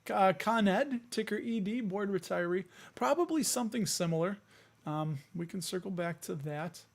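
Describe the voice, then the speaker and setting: A man with a high voice and vocal fry hosts a dividend investing show as a casual livestream. He chats through news items, tossing in jokey asides.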